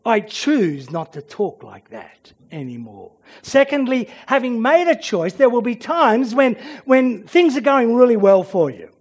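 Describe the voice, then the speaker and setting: A man preaching an earnest sermon, swinging between emphatic declarations and hushed, almost whispered lines. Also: sits high.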